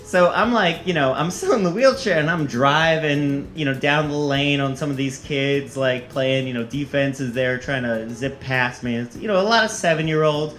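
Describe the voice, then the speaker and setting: A man's voice: on the high side, moderate pace, fairly bright tone, roomy sound, soft background music. A man telling a comic personal story on stage, self-mocking and often breaking into laughter.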